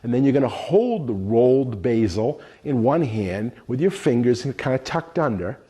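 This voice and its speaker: A man's voice: mid-range voice, big pitch swings, moderate pace, dark tone, slightly rough. A middle-aged man giving a cooking demonstration lesson, explaining each step as he works with his hands. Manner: explanatory, talks through each step while working. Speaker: culinary instructor.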